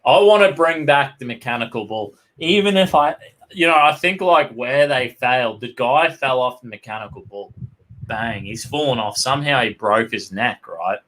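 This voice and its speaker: A man's voice: mid-range voice, lively intonation, moderate pace, fairly bright tone. An Australian man chatting as co-host, swearing constantly and telling rowdy pub anecdotes. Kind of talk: casual chat.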